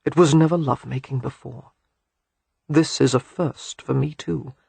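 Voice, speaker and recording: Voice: steady tone, normal speed, gravelly, husky, no room sound, heavily acted. A narrator murmuring as a tender seductive lover. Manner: soft, murmured, low delivery.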